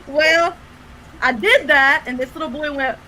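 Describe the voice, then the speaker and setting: A woman who works as a haunted attraction actor, chatting loudly and animatedly over a video call as a guest, laughing through her stories and swearing freely. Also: high-pitched, a little slow, low-quality recording. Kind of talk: casual storytelling chat.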